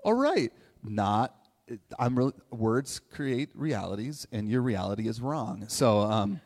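A middle-aged man giving a motivational talk to a live audience, his voice sitting at an ordinary middle pitch. He talks in a loose, animated way, firing off questions and checking in with "right?". A long hall reverb trails after every phrase. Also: measured pace. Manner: conversational, animated, asks many questions, keeps tagging "right?". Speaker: motivational speaker.

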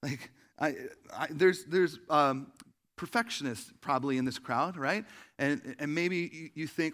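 Male pastor, slightly high voice, chatty sermon delivery with frequent "like" and "right?". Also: animated, moderate pace, fairly bright tone. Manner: conversational, many fillers and rhetorical "right?"; acts out quoted voices with big jumps in pitch and volume.

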